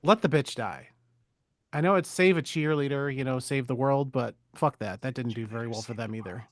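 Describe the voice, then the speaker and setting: A man's voice: medium pitch, fairly quick, dry recording, studio quality. A man hosting a podcast, giving a casual, crude, joking recap of a movie plot.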